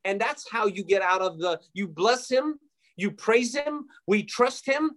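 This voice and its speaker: A man's voice: high-pitched, measured pace, fairly bright tone. A man giving a fervent preaching testimony as a guest, emphatic and repetitive, with frequent fillers.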